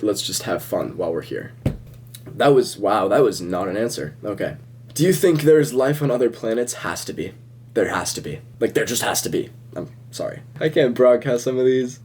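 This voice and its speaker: A young man answering viewer questions in a relaxed, rambling way, chuckling often. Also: medium pitch. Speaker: social media creator answering viewer questions. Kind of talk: casual Q&A vlog.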